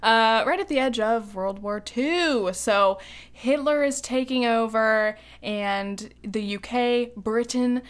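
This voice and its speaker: Young woman, podcast co-host, slightly high pitch, casual, giggly and chatty. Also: takes it slowly, smooth. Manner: chatty and giggly, many ums and likes. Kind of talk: casual chat.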